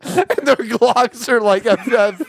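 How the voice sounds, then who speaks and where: A man's voice: extremely high pitch, slow, vocal fry, no room sound, studio quality. A young man co-hosting a podcast, casual comedic chat, jumping in to build on jokes and laughing. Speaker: podcast co-host.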